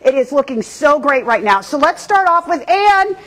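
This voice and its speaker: A woman's voice: sits high, animated, normal speed, a bit bright, slight background noise, rough recording. A middle-aged woman hosting a live fashion show, gushing and effusive as she shows off outfits.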